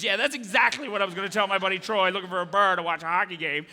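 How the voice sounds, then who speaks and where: A man doing stand-up comedy on a large theater stage, talking in an animated way and jumping into high squealing impressions, with audience laughter behind him. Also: rapid-fire, hardly any pauses.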